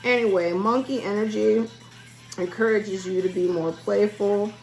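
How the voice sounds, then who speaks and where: A woman's voice: medium pitch, normal speed, creaky, a little mellow, soft background music, rough recording. A woman giving a spiritual reading in a casual solo vlog, chatty and rambling as she talks straight to her viewers. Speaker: spiritual reader.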